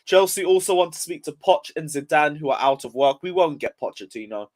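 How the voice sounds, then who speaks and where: A young man, just out of bed and still yawning, vents about his football club on a live stream. He swears freely and reads viewers' comments aloud in a frustrated, casual rant. His voice sits a little high for a man. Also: animated, brisk, darkish tone. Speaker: football livestreamer.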